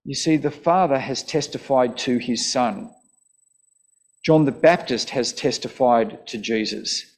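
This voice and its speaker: A man preaching a sermon, slow and deliberate, who reads out quoted verses with emphasis. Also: mid-range voice.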